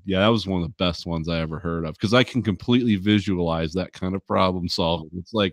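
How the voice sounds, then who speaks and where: Man, podcast host, casual chat, cussing, laughing storyteller, fairly low voice, dry sound. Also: fast, few pauses, no echo.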